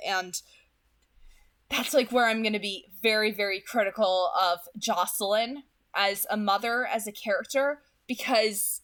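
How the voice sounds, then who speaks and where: A woman's voice: medium pitch, a bit bright. A woman in her twenties with a New Jersey accent, rambling through casual commentary after a read-aloud on her channel and often repeating her words. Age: 20s. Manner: chatty, rambling, repeats words, many fillers. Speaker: book reading channel host. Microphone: home studio microphone.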